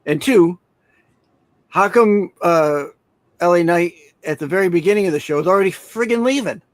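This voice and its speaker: A man's voice: high voice, moderate pace, dry recording. A man co-hosts a wrestling podcast with a slightly raised voice, recorded dry and close. He speaks in wry, clipped remarks. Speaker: podcast co-host. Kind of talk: casual wrestling chat.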